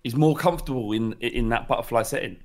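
A man's voice: medium pitch, quick pace, darkish tone. A man co-hosting a casual podcast, rambling and hesitant, with casual swearing. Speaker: podcast co-host.

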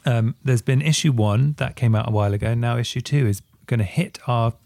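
A man's voice: medium pitch, fairly quick, vocal fry, a little mellow, no echo. A man co-hosting a podcast in casual chat, asking questions and making a short announcement. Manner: brief reactive interjections, then plugs an announcement. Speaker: podcast co-host.

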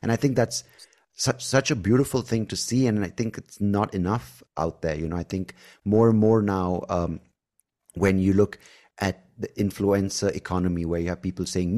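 A man's voice: low-pitched, steady tone, moderate pace, darkish tone. A man hosting a podcast, speaking earnestly and enthusiastically, often adding "right?" and "like". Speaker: podcast host. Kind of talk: casual podcast chat.

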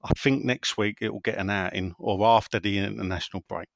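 A man's voice: on the low side, steady tone, fairly quick, vocal fry, no room sound. A man hosting a casual podcast, reading listener messages in a rambling, jokey way. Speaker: podcast host.

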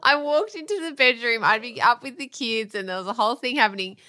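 Bright-voiced woman in earnest chat. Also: a little high, lively intonation. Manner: earnest, easily upset, with halting restarts. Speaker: podcast co-host. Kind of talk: casual chat.

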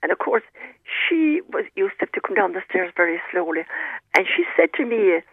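A woman, a guest author telling anecdotes in a lively, animated way over the phone. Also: medium pitch, moderate pace, husky, no echo. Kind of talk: anecdotal storytelling. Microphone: telephone. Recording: tinny phone line.

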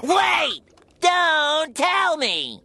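A hyper cartoon sponge; very high, creaky, bouncy delivery, music bed under. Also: male voice, very slow, no room sound, full character voice. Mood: exasperated. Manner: excitable, breathless rambling. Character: cheerful young male sea sponge fry cook. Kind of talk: cartoon voice acting. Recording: clip played with music underneath.

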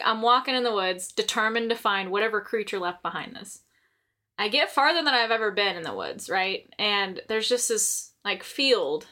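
A woman's voice: on the high side, bright, forceful tone. A young woman telling a story in casual podcast chat, swearing and laughing often.

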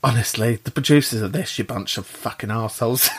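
A man's voice: medium pitch, big pitch swings, normal speed, fairly bright tone, slight background noise. Emotional man hosting a podcast. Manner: emotional, laughing and swearing freely. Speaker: host. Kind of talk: casual podcast talk.

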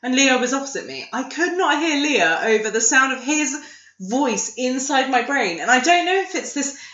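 A woman's voice: high voice, sing-song, moderate pace, sharp tone. A woman chatting casually as a podcast co-host, laughing often and restarting her sentences. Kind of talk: casual chat. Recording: echoey room, slightly dull sound.

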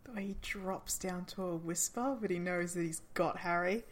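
A woman chatting casually and enthusiastically, with quick asides. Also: lowish voice. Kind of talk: casual chat.

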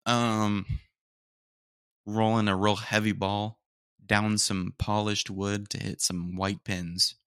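A young man rambles through a casual solo podcast, piling on slang and mock outrage. His voice sits fairly low, and the sound is close and dry with no room in it. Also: flat delivery, slow pace, a bit bright, clear, resonant tone, no echo. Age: young adult. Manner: rambling, slangy, says "dude" often, mock-indignant. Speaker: podcast host. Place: room at home, roommates nearby.

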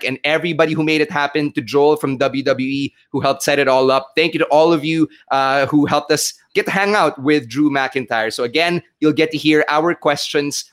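A man's voice: fairly high pitch, fairly bright tone, clear, resonant tone. A man co-hosting a wrestling podcast, chatting casually and switching between English and Tagalog. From Philippines. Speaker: podcast co-host. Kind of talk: casual chat.

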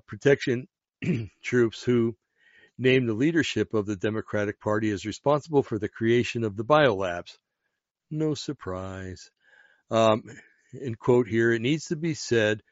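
A man's voice: lowish voice, no room sound. A man reading news articles aloud and adding casual, sarcastic commentary with frequent fillers. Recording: dull, dry lo-fi home mic.

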